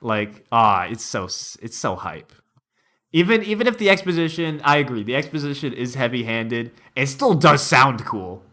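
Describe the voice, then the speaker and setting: A man's voice: medium pitch, very animated, normal speed, bright, forceful tone. A man streamer giving casual reaction commentary, laughing often and joking around.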